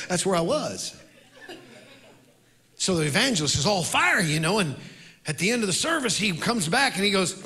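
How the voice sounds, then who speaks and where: A man who is a worship leader, telling a story in a sermon and swinging between loud outbursts and quiet reflection. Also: fairly high pitch, sing-song, moderate pace.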